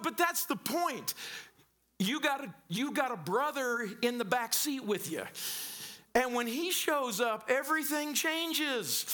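A man's voice: high-pitched, bright, forceful tone. A man from southern Missouri preaching a sermon in a conversational, storytelling way, with frequent stammered restarts. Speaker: pastor.

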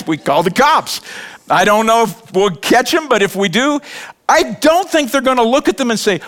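A middle-aged man preaching a sermon in a conversational, animated way, joking and acting out little scenes. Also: very high-pitched, measured pace. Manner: animated, conversational preaching with laughs and acted quotes. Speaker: pastor.

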